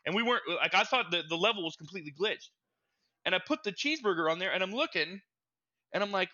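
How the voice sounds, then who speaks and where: A young man co-hosting a casual gaming podcast, telling stories in an animated, stammering way and getting loud when excited. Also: rapid-fire, lo-fi sound. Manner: animated storytelling, gets loud and high when reliving frustration. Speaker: podcast co-host. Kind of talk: casual chat.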